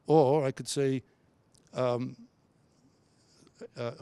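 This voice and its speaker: A man leads a university workshop, coaching listeners on how to present. His voice is mellow and relaxed, the sound dry and close. He often stumbles and restarts his sentences. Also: medium pitch, a little slow, long pauses, dry recording. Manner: coaching, with frequent restarts and stammers. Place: lecture room at a university.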